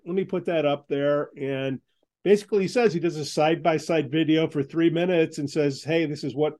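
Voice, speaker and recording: A man's voice: fairly high pitch, darkish tone. Punchy male podcast host. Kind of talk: casual podcast interview.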